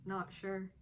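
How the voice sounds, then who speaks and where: A woman casually recapping a television drama episode, chatty and laughing often. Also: a little hiss or hum. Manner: chatty, laughs often, animated when quoting characters.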